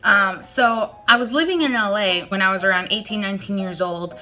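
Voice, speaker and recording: A young woman shares a personal story in a casual vlog, chatty and self-deprecating. Her voice is bright and a little sharp. She acts out her own flustered replies in a jumpy, squeaky way. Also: brisk. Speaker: vlogger.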